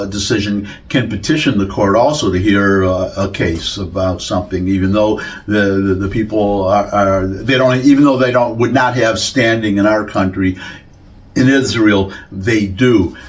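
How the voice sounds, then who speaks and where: Rambling, low-voiced male commentator. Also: steady tone, measured pace. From United States. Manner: rambling, full of restarts and self-corrections. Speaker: political commentator. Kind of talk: solo commentary monologue.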